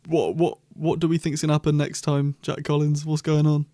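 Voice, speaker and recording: A young man with a slightly raised voice, chatting eagerly on a fan podcast. He talks in quick bursts and laughs often. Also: fairly high pitch, completely flat delivery, mellow. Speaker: podcast host. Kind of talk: casual fan podcast chat.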